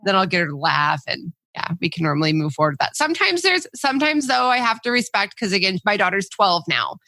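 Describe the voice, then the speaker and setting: A woman's voice: mid-range voice, big pitch swings, fast talker, pushed and bright, no echo, studio quality. A woman hosting a podcast, talking in a goofy, playful casual way about her kids. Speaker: podcast host. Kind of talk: casual chat.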